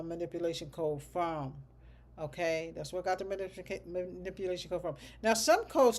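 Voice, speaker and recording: This is a medical coding instructor running a livestreamed lesson at middling pitch, chatting easily and thinking aloud as they teach. Code numbers come slowly and get said twice, stray asides surface now and then, and a checking "okay?" caps sentence after sentence.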